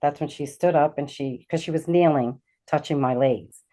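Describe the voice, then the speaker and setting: A middle-aged woman tells a personal story in a low, mellow voice. She speaks haltingly, pausing on fillers and restarting her sentences. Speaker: guest, intuitive healer.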